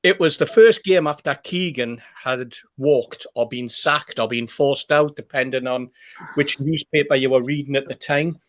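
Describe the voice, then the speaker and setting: Speaking at medium pitch and a moderate pace, a podcast host tells a rambling anecdote during casual conversation. His story wanders, with fillers and repeated words along the way.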